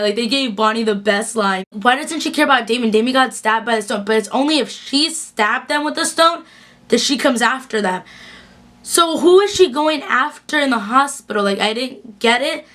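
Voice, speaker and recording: A young woman with a fairly high voice gushes through a casual episode recap as a TV recap vlogger. She's chatty and excitable, talking in fast bursts full of fillers like "like".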